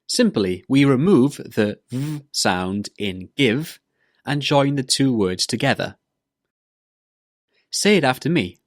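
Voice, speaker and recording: A man leads a scripted pronunciation lesson, repeating each word deliberately so learners can copy it. His delivery is unhurried, and his pitch moves in a lively way. The recording is dry, with no room sound. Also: no room sound. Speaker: English pronunciation teacher.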